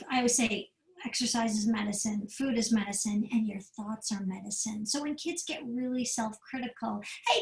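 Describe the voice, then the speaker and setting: A middle-aged woman psychiatrist gives a parenting talk, fairly high-voiced and animated. She acts out the quotes as she tells her stories. Her voice carries with echo around the room. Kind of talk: storytelling lecture. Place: event room.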